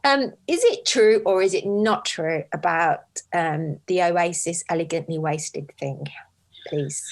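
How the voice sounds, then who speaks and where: A female podcast co-host asking a guest questions hesitantly, her words trailing off quietly. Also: fairly low pitch, unhurried. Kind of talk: casual interview chat.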